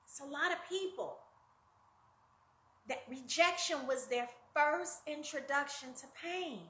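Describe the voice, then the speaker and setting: A woman's voice: sits high, a little slow, bright, forceful tone, roomy sound. A woman life coach giving a conversational motivational talk, addressing listeners directly and acting out quoted voices with big jumps.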